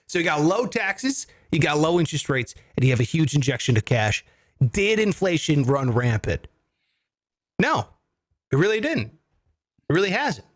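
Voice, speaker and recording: A man's voice: fairly high pitch, normal speed, pauses often, dry recording. A man co-hosting a comedy finance podcast, explaining with jokes and casual swearing. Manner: animated, jokey, swears casually. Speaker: co-host.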